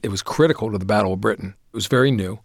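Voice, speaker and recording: A man, the creator of a series, talking as a guest in an interview, an animated storyteller who laughs often. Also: fairly low pitch, racing, creaky, dry recording, clean studio sound. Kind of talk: interview conversation.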